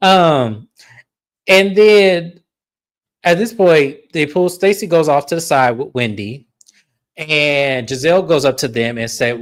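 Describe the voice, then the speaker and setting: A woman's voice: low-pitched, slow pace. A woman recapping a reality show in casual commentary, blunt and opinionated, swearing freely.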